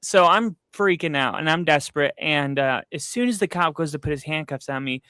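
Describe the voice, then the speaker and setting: A man co-hosting a casual streamed podcast, his voice sitting slightly high. He rambles through a story, stacking up fillers and asides. The sound is dry and close with no room echo. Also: a little fast, sharp tone, smooth. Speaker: podcast co-host. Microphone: streaming setup, close mic.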